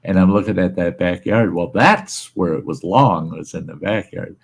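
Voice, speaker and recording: A man's voice: sits low, normal speed, creaky, breathy edge. A man hosting a livestream, chatting casually and telling folksy, rambling stories, with easy laughter and casual swearing. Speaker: livestream host. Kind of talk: casual chat and storytelling. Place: room at home where he smokes.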